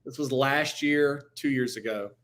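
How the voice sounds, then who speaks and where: A man appearing as a guest sports reporter in casual talk, chatty and quick to laugh through his anecdotes. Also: medium pitch, a bit bright.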